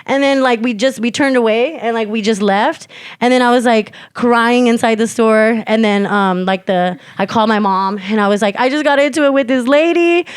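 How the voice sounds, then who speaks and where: Young woman, podcast co-host, loose sweary storyteller, high-ish voice, dry close recording. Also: level tone, moderate pace, clean tone, no echo. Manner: loose, filler-heavy, swears freely, acts out quotes loudly. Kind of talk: casual storytelling chat.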